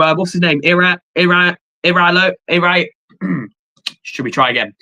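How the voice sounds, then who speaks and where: A young man hosting a livestream, rambling casually and excitably, swearing now and then. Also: high voice, a little slow, pauses often, poor audio. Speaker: livestream host. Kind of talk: casual watchalong chat.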